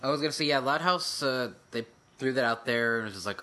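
Bright-toned man, sarcastic podcast banter. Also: mid-range voice, fast talker. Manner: sarcastic, jokey asides. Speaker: podcast co-host. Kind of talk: casual podcast chat.

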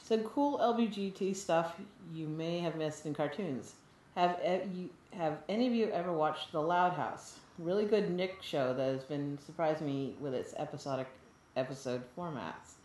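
A woman with a notably low voice co-hosts a casual podcast, reading listener emails aloud. She laughs often and gets animated when joking. The room adds a roomy echo. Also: moderate pace.

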